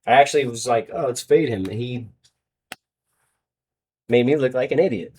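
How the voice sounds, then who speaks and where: A man hosting his own show, casually talking through sports betting picks, rambling and correcting himself, with sudden loud outbursts between mumbles. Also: medium pitch, moderate pace, slight background noise.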